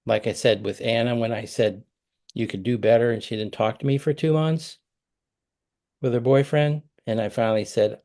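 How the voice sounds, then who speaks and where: A man's voice: mid-range voice, fairly even intonation, moderate pace, warm tone. A middle-aged man coaching a parent over a video call, talking conversationally and acting out example phrases.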